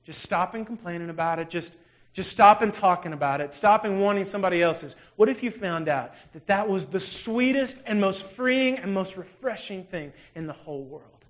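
A pastor with a notably high voice preaches in a relaxed, storytelling way. He drops to near-quiet asides, then bursts out loud. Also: moderate pace. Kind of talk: sermon with personal storytelling.

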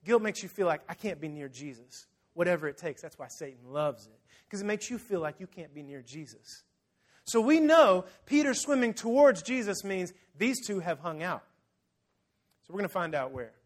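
A man preaching a sermon, telling the story vividly, acting out scenes and speaking straight to his congregation. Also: high voice. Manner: lively storytelling, acts out scenes; addresses the congregation directly. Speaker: pastor.

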